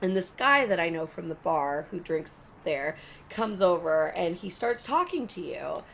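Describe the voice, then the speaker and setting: A woman co-hosting a podcast, telling stories in a lively, casual way with laughter and swearing. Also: lowish voice, unhurried, vocal fry, a little hiss or hum. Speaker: podcast co-host. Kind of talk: casual chat.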